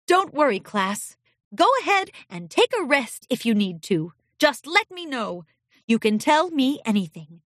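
A woman voicing a gentle, regal female pony princess who teaches a class, in an encouraging, teacherly manner. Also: high-pitched, very animated, a little slow, no room sound, clean studio sound, full character voice. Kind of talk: storybook reading.

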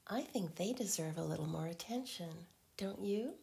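A woman in a whispered role-play as a girlfriend, teasing in slow, breathy whispers broken by soft hums. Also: lowish voice, expressive.

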